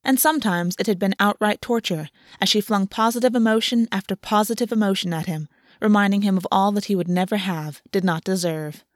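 A woman narrating a fantasy audiobook in a calm, even storytelling manner. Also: mid-range voice, fairly quick, few pauses, no room sound, studio quality.

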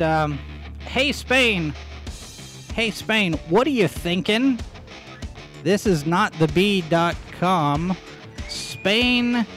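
A man hosting a live podcast show, talking casually about the news, rambling and repeating phrases for emphasis with plenty of fillers. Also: high-pitched. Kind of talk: casual live-stream commentary.

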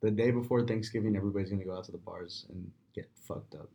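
A young man chatting casually on a podcast in a quick, offhand way. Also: low-pitched, steady tone, gravelly, mellow, husky. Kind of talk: casual chat.

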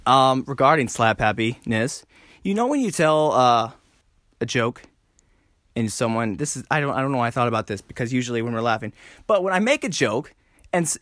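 A man hosting a solo podcast, rambling and joking at himself, talking fast and often jumping up high. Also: expressive, fairly bright tone, no echo, studio quality. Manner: rambling, self-mocking, fast with sudden high jumps. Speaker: podcast host. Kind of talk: casual solo podcast chat.

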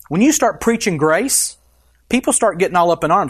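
A man's voice: high voice, animated, normal speed, husky. Emphatic male pastor preaching. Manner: emphatic, asks the congregation questions. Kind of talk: sermon.

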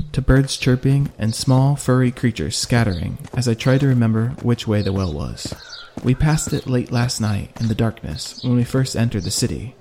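A man narrating a first-person fantasy audiobook in a steady, even manner. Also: mid-range voice, slight background noise.

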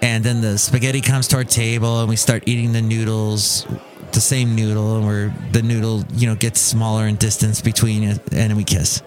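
A man's voice: fairly low pitch, flat delivery, moderate pace, darkish tone, faint music behind. A man hosting a podcast, telling a long story in a casual, rambling, joking way with a sing-song delivery. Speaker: podcast host. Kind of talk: casual monologue.

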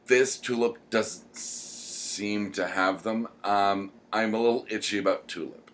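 A man with a somewhat low voice talks casually as a podcast co-host. He rambles, pausing often with ums as he gathers his thoughts. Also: steady tone, slight background noise. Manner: rambling, many "um" pauses. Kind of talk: casual chat.

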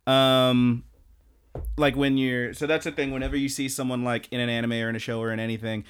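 A man's voice: mid-range voice, level tone, brisk, smooth. A young man co-hosting a podcast, recapping an anime in casual, rambling chat and laughing often. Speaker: podcast co-host.

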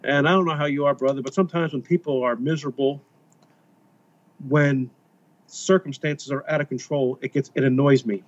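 A man's voice: mid-range voice, normal speed. Man telling mission stories, lo-fi. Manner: rambling, animated when retelling. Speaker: guest, missionary author. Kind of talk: casual storytelling interview. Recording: slightly dull lo-fi audio.

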